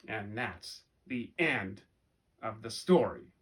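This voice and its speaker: A man telling a folk tale for children and then asking his listeners gentle questions, with animated, expressive delivery. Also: medium pitch, unhurried. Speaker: storyteller. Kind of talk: storytelling for children.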